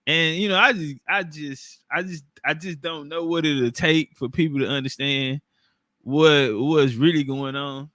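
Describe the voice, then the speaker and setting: A man's voice: fairly high pitch, fairly even intonation, a little slow, fairly bright tone, no echo, clean studio sound. A man in casual, profane commentary, talking loosely with street slang and frequent laughs into his own microphone.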